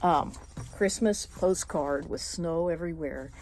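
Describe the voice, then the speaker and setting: A young woman vlogging casually, rambling with many fillers and restarts and clearing her throat now and then. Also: fairly low pitch, measured pace, darkish tone, a little hiss or hum. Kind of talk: casual personal monologue.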